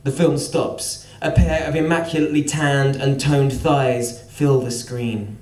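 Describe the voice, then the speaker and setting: A man's voice: mid-range voice, fairly even intonation, measured pace, few pauses, a little mellow. A man telling a wry, sardonic story as spoken-word storytelling at a live venue. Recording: roomy venue, mic at a distance.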